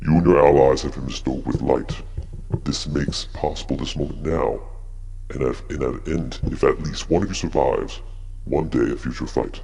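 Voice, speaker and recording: A man voicing a deep gravelly ancient oracle. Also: fairly even intonation, dark tone, heavily acted. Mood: solemn. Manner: intoning rhymed prophecy slowly. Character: ancient solemn male oracle voice. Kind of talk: tabletop game narration.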